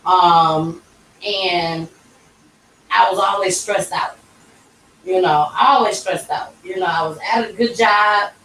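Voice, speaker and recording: A woman's voice: lowish voice, slow pace, long pauses. A young woman tells a personal story on her podcast, acting out every quoted line. She sounds set back from the microphone. The room adds an echo and a faint hum of ambience. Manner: emotional, animated retelling with quoted voices. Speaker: podcast host. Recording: roomy echo, distant mic.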